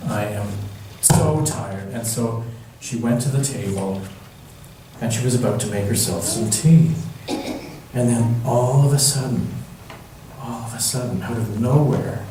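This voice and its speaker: A man telling a Bible story to children in church, gentle and musing. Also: mid-range voice, measured pace, background noise. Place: church sanctuary. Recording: echoey church hall from far off.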